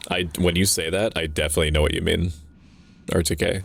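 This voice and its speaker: A man's voice: low voice, level tone, fast talker, vocal fry, a bit bright, a little hiss or hum. A young man streaming a game, chatting casually in a rambling, joking way, often interrupting himself and swearing now and then. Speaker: VTuber streamer. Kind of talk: casual gameplay commentary.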